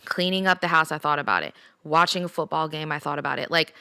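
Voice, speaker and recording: Candid chatty woman with a bright voice. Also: low-pitched, gravelly, smooth, no room sound. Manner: candid, chatty, quick confessional storytelling. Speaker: podcast host. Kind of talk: solo casual podcast talk.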